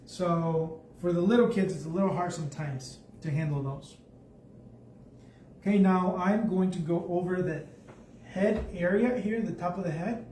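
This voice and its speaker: High-voiced man teaching painting live. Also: moderate pace, dark tone. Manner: chatty, thinks aloud while painting. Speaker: art instructor. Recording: echoey room, mic at a distance, faint background noise.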